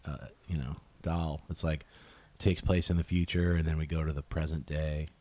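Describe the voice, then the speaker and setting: A deep, low man talks casually as a podcast guest. He is relaxed and halting, and laughs at himself. The sound is dry and close. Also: no room sound. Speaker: guest, animation director.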